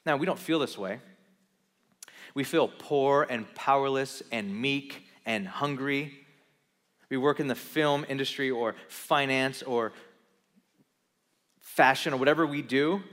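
A man's voice: mid-range voice, measured pace, long pauses, fairly bright tone, long reverb tail. A man preaching a sermon in a church, conversational and emphatic, often restarting and repeating words. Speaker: pastor. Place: church in Los Angeles.

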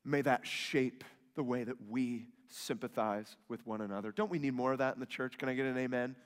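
A man preaching a sermon, swinging from loud emphatic rises to soft hushed lines. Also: mid-range voice, brisk. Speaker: pastor. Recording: long hall reverb.

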